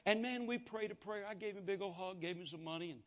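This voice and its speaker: A man's voice: sits high, quick pace, fairly bright tone. A man preaching a sermon, telling folksy testimony stories and acting out the dialogue. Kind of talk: sermon storytelling. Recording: dull lo-fi sound.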